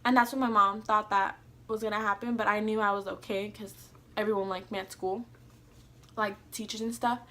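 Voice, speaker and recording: A woman's voice: medium pitch, flat delivery, brisk, sharp tone. A young woman telling a personal story in a casual vlog, rambling and filling her sentences with "like". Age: young adult. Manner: rambling, heavy use of "like", casual swearing. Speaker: vlogger.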